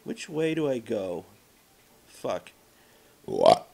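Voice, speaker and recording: Lively, foul-mouthed male gamer. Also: mid-range voice, measured pace. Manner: profane, trash-talking the game's enemies; self-mocking banter. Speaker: let's play gamer. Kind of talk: casual gameplay commentary.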